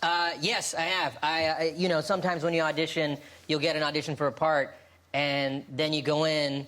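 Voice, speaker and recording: A man's voice: a little high, little pitch movement, normal speed, a bit bright. A man, a laid-back talk show guest with many ums and likes. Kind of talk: casual anecdotes.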